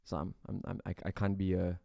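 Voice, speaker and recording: A man's voice: low voice, monotone, a little fast, gravelly, dark tone, no room sound, clean studio sound. A man streaming live as a beatboxer, chatting casually with his viewers, laughing often and repeating words as he rambles. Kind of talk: casual livestream chat answering comments.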